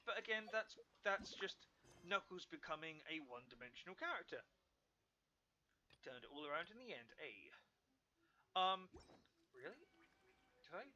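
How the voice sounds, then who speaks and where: A man's voice: on the high side, very animated, moderate pace, pauses often, sharp tone, slight background noise. A man streaming a game, rambling and thinking aloud in casual commentary with many restarts.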